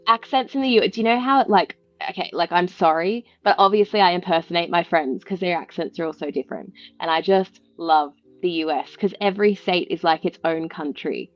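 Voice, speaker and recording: A woman's voice: fairly low pitch, a little fast, hardly any pauses. A woman co-hosting a casual chat, playful and enthusiastic. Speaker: co-host. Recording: dry, dull lo-fi audio.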